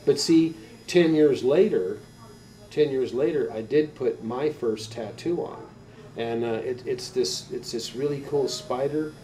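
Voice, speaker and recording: An older tattoo artist tells stories in a casual interview, rambling, animated and swearing freely, picked up by a slightly distant mic. His voice is mid-range and unhurried.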